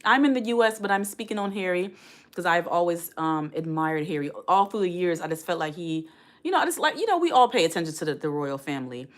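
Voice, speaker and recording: A woman around forty talks casually on a live stream with a somewhat low voice. She chats directly to her viewers and reads their comments aloud. Her delivery is loose and conversational. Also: expressive, quick pace.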